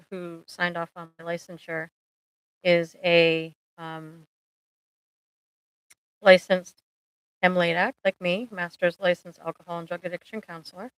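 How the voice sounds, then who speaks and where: A woman's voice: lowish voice, clean tone, no room sound, rough recording. A woman therapist hosting a casual live Q&A, chatty and jokey, full of analogies and playful asides. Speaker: therapist and livestream host.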